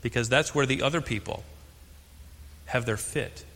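An older American man preaching a sermon as pastor, stressing key words and slowing for emphasis. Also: medium pitch, a bit bright, long reverb tail. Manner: emphatic, slows on key phrases.

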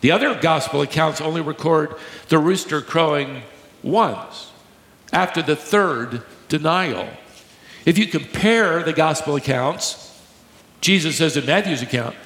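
Higher-voiced male pastor in an echoey hall. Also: vocal fry, fairly bright tone. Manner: emphatic teaching, slows to stress key words, joking with the congregation. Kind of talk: sermon. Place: large church hall with a live congregation. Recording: echoey hall, long reverb.

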